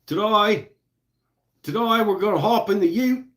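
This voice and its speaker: A man's voice: high voice, measured pace, fairly bright tone, pitched above the performer's own voice. A man voicing a cheery male Australian travel-show host in a put-on Australian accent.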